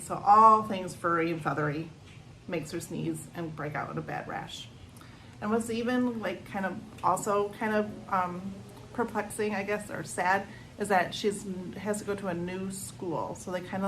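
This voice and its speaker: A woman working as a youth librarian, giving a chatty, animated book talk for children from a porch at home. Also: on the low side, slight background noise, rough recording.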